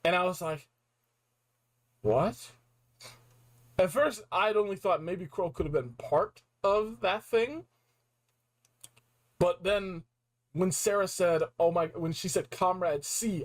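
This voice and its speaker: A young man reviewing a video game in a casual, excited recap, full of slang and acted-out reactions. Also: high voice, takes it slowly, long pauses, low-quality recording. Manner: animated, slangy, acts out reactions.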